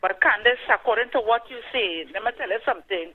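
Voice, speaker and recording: A woman's voice: mid-range voice, fairly quick, hardly any pauses. A woman caller with a Trinidadian accent, talking indignantly and emphatically, repeating her phrases. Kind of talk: call-in radio talk. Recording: tinny phone line.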